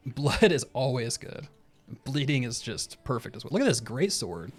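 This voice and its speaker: A man's voice: medium pitch, sing-song, unhurried, husky. A young man giving casual, rambling commentary while he plays a video game, often laughing to himself. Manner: laid-back, laughing, rambling asides. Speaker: streamer.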